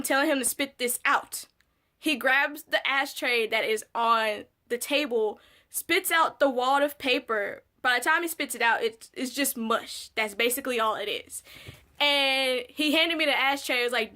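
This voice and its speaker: A young woman casually telling a storytime about her childhood, candid and swearing freely, with animated re-enactments. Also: high voice. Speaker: vlogger.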